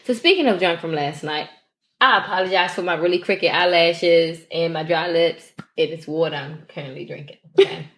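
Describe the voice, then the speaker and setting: A woman's voice: lowish voice, normal speed, fairly bright tone. A young woman hosting a podcast, telling loose, profane stories in casual chat, a bit hungover. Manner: loose, profane storytelling with laughs. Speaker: podcast host.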